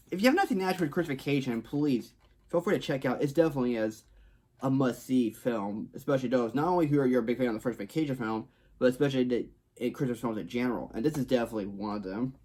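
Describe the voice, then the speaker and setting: A man's voice: medium pitch, a little mellow. A man from Texas giving a casual movie review to camera, rambling and repeating himself, with frequent restarts. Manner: rambling, repetitive, frequent restarts and stock phrases. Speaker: film reviewer. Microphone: talking to camera.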